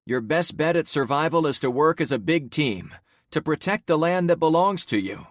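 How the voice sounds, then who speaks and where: Male narrator as a commanding survivor leader, blunt, animated, dry sound. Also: a little high, moderate pace, dry recording, voice pushed up, lightly acted.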